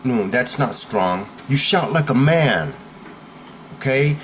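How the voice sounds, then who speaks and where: A man's voice: medium pitch, lively intonation, takes it slowly, slight background noise. A man coaching viewers in a blunt, emphatic talk, often checking in with "okay?". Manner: forceful, blunt instruction. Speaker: self-defense coach.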